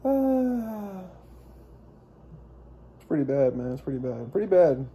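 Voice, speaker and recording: Very dark-voiced young man rambling. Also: a little high, big pitch swings, takes it slowly, a little hiss or hum. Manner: profane, meandering, frequent restarts and fillers. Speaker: vlogger. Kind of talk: rambling personal monologue.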